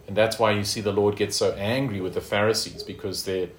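A man with a low voice teaches scripture in a relaxed, conversational way, often asking "isn't he?" and "okay?". He is recorded in an echoey room with faint background ambience. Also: brisk, slight background noise. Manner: conversational, with frequent fillers and tag questions. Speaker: Bible teacher. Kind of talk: informal Bible study teaching.

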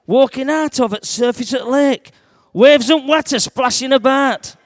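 Lively man telling a story. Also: very high-pitched, unhurried, no room sound. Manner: broad dialect, lively, shouts at dramatic moments. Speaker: church storyteller. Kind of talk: first-person dramatic Bible storytelling.

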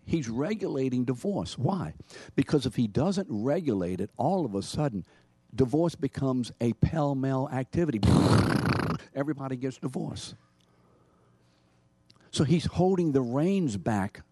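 A man preaching a sermon as pastor, emphatic, rising and dropping in pitch and loudness. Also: dry recording.

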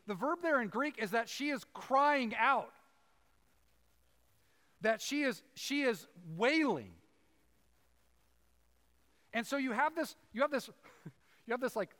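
Male pastor, casual preaching with asides to the room, high voice, reverberant church. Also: fairly bright tone. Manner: conversational, asides to the congregation. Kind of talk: sermon. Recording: long hall reverb.

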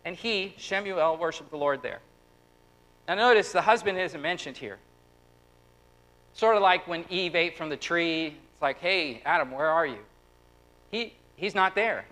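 A man in his thirties preaching a lively, conversational sermon, acting out quotes and turning quiet and tender at personal moments. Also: sits high, unhurried, low-quality recording. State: close to tears. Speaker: pastor.

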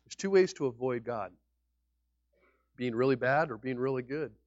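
A man preaching a sermon as pastor, emphatic, with sudden loud peaks on key words. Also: medium pitch, moderate pace, no echo. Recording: dull lo-fi recording.

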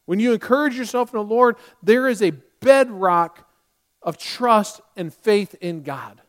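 A male pastor preaching a sermon, emphatic and swinging between loud passages and hushed ones. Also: high-pitched, expressive, measured pace.

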